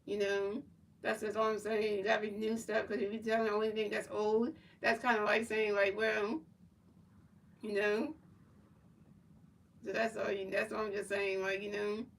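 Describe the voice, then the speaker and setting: A woman's voice: medium pitch, little pitch movement, normal speed, creaky, pauses often, recorded from a distance, slight background noise, rough recording. A woman streamer in casual chat, rambling and repeating herself as she answers her chat. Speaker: livestreamer.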